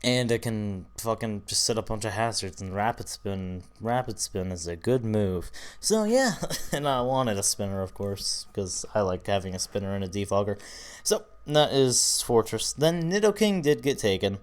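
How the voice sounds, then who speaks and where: In a casual draft-analysis commentary, a tired young YouTuber runs through his team picks in a lowish, animated voice at a moderate pace. He's profane and rambling, full of fillers, swearing often and yawning.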